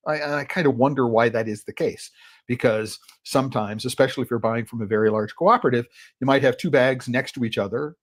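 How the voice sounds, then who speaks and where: Male podcast critic, mid pitch, loose filler-heavy delivery, talking from his office desk. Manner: rambling, filler-heavy, thinks aloud. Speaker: chocolate critic and podcast host. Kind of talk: solo podcast tasting talk.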